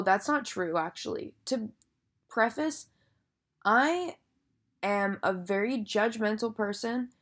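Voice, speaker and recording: A young woman telling a story in a casual monologue, chatty and full of filler words and swearing. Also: medium pitch.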